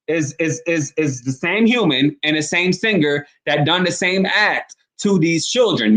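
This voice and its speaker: A man with a fairly high, bright, forceful voice talks straight to his viewers in a casual commentary vlog. He is emphatic and slangy. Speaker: online commentator.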